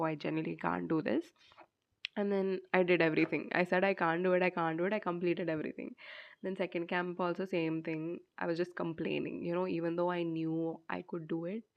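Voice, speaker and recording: A young woman tells a story in a relaxed, rambling way, leaning on "like" and small restarts. Her voice sits fairly low, and the recording sounds dull and lo-fi. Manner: chatty, many fillers like "like". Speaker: vlogger. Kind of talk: casual storytime chat.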